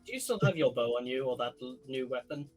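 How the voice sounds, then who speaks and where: A man's voice: medium pitch, lively intonation, a little mellow, soft background music, low-quality recording. A man playing a tabletop game, joking and laughing often in casual role-play. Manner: jokey, laughs often, quick asides. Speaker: player.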